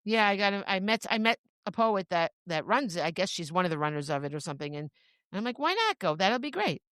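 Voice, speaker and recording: A woman's voice: lowish voice, fast talker, fairly bright tone, clear, resonant tone, no room sound, clean studio sound. A woman co-hosting a podcast, chatting casually and often restarting her sentences. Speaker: podcast co-host. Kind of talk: casual chat.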